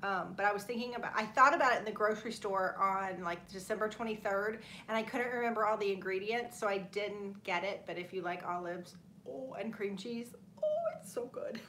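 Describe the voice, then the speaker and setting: A woman's voice: mid-range voice, a little fast, hardly any pauses, pushed and bright, a little hiss or hum. A woman in her thirties hosting a casual livestream, chatting with viewers, reading their comments aloud and laughing often. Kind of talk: casual live chat.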